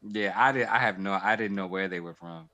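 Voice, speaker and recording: A man's voice: lowish voice, fairly quick, vocal fry, bright, forceful tone. A man co-hosting a live stream, reacting casually with swearing and frequent laughter. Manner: laughs often, profane reactions. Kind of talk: casual chat.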